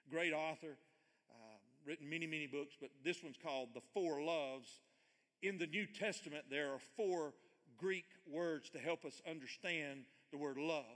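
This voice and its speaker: An older man preaching a sermon with earnest emphasis, shifting between loud stressed readings and hushed quiet lines. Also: on the high side, big-room sound. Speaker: pastor.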